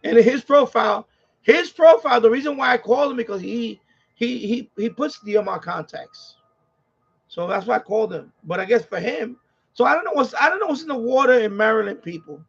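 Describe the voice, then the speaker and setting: A man's voice: very high voice, fairly quick, vocal fry, breathy edge. A man with a New York accent hosting a ham radio live stream, venting in an exasperated, repetitive way, on dull lo-fi audio. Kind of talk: casual live-stream rant.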